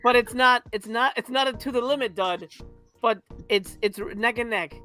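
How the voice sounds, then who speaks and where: A man's voice: extremely high pitch, moderate pace, sharp tone, soft background music. A man on a movie review panel, talking in a crude, sarcastic, rambling way and laughing often. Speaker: podcast panelist. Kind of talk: casual movie review chat.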